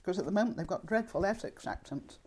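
A woman's voice: fairly low pitch, lively intonation, fast talker, a little mellow, slight background noise. An older woman chatting in an interview, telling anecdotes and laughing often. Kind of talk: casual conversation. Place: home in Perthshire countryside.

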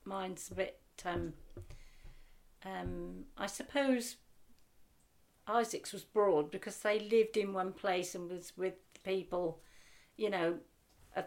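A woman's voice: lowish voice, gravelly. An older woman with a Norfolk accent, reminiscing chattily in an interview and acting out what people said to her. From Norfolk, England. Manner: chatty, anecdotal, animated when quoting people. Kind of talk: casual reminiscing conversation.

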